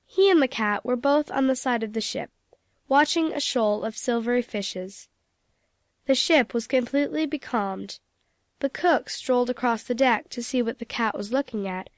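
A woman narrating a classic storybook in a clear, measured reading. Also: a little high, dry recording.

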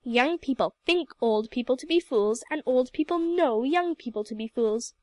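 Give me a woman playing a fussy, scolding old aunt, sharp and commanding. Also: high-pitched, lively intonation, moderate pace, no echo.

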